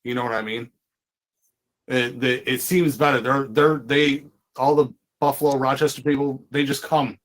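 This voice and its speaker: A man's voice: medium pitch, steady tone, moderate pace. A man hosts a casual podcast in an ordinary mid-range voice. He rambles and restarts his thoughts, and he quotes other people in little acted-out lines. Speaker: podcast host.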